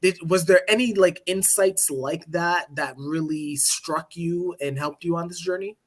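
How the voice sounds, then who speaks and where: A man hosting a podcast, asking questions in a halting, hesitant way with many fillers. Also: fairly high pitch. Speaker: podcast host. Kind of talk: casual interview questions.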